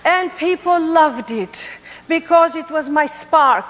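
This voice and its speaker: A middle-aged woman with a Greek accent giving an animated, emphatic motivational speech in a performing arts center. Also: sits high, takes it slowly. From Greece. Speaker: motivational speaker. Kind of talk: inspirational speech with storytelling. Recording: echoey large hall.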